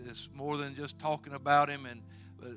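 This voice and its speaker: A man preaching a sermon as pastor of a church, telling homespun stories and rising to loud exhortation when he leads praise. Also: medium pitch, flat delivery, moderate pace, faint music behind. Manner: folksy storytelling with plain asides.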